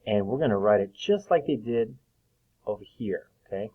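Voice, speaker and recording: A man with a lowish voice walks young children through a phonics lesson, slowly stretching out each letter sound. He talks with a patient, steady manner and clears his throat now and then. The recording is thin and tinny, like a phone line. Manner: slow, patient, drawn-out sounds. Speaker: teacher.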